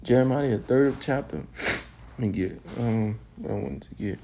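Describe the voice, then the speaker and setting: Low gravelly guy preaching off the cuff, dark voice, keeps stumbling over words and saying man. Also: normal speed, a little hiss or hum. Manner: rambling, repeats words, ends phrases with "man". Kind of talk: informal scripture commentary.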